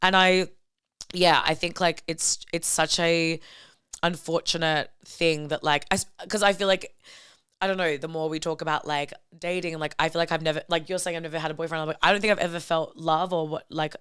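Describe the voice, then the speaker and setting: A woman's voice: sits low, fairly even intonation, brisk, fairly bright tone, smooth. A young woman comedian, a guest on a podcast, chatting casually, calling her friend babe and swearing freely.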